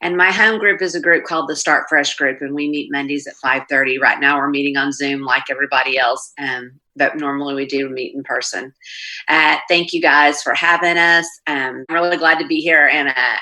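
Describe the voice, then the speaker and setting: A woman's voice: sits low, fairly even intonation, a little fast, pushed and bright, poor audio. A middle-aged woman from Oklahoma giving a candid, plainspoken recovery talk at a meeting over a video call, with frequent ums and restarts. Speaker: Al-Anon speaker.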